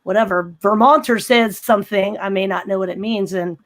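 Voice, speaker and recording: A woman with a light Richmond, Virginia accent talks as a podcast guest. Her voice sits in an ordinary middle pitch. She rambles warmly through her thoughts and leans on "you know". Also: fairly quick. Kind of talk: casual chat.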